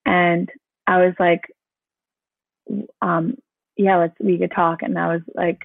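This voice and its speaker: A young woman tells her own story in a loose, chatty flow, leaning on "like" every few words. Her voice sits a little low. The audio is tinny and dry, as if heard down a phone line with no room around it. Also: level tone, slow, creaky, no echo. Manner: chatty, peppered with "like". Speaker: guest sharing her testimony. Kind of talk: casual personal storytelling.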